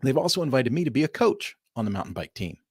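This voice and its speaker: A middle-aged livestream host from Southern California tells stories to his audience in a casual, animated way, calling them "folks." He speaks fast with a slightly rough, middle-pitched voice, recorded close and dry with no echo or room sound.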